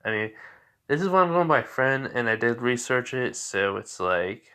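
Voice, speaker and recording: A man's voice: mid-range voice, very animated, moderate pace, bright, forceful tone, clean tone. A tired man improvising a fan fiction story aloud, rambling with lots of fillers and occasional stutters.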